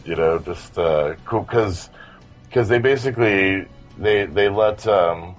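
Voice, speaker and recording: A man's voice: low voice, slow, soft background music. A man in a casual fan discussion, talking with enthusiasm and rambling through many restarts.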